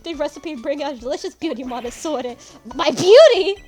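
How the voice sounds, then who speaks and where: A woman's voice: high-pitched, animated, darkish tone, soft background music. A woman hamming up a flamboyant French restaurateur. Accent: mock French. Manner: exaggerated, drawn-out theatrical delivery. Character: flamboyant male restaurant owner, theatrical, flirty. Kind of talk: reading game dialogue aloud.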